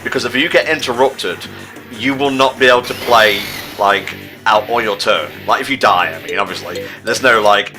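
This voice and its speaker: A man's voice: lowish voice, lively intonation, fairly quick, over music. A man giving casual, sarcastic gaming commentary while playing with friends, swearing freely. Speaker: let's play commentator.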